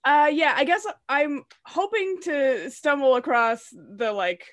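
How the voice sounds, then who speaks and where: A woman's voice: high voice, sing-song, takes it slowly, no room sound. Chatty woman player with many fillers. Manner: chatty, light, filler-heavy. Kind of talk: casual chat in a tabletop game.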